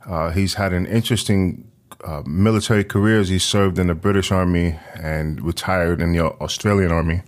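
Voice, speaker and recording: A man's voice: deep voice, steady tone, moderate pace. A man hosting a podcast interview, talking casually with many fillers. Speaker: podcast host.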